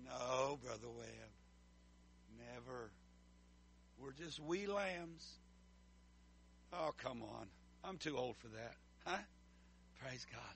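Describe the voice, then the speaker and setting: A man's voice: medium pitch, animated, slow pace, vocal fry, long pauses, fairly bright tone, slight background noise. A middle-aged man preaching a sermon as pastor, calling for responses from the congregation. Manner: emphatic call-and-response preaching.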